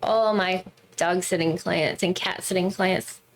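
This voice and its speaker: A woman's voice: on the low side, steady tone, a little slow, slight background noise, rough recording. A woman in her forties co-hosting a podcast, bubbly and laughing often as she tells stories with animation. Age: 40s. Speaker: podcast co-host. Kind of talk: casual chat.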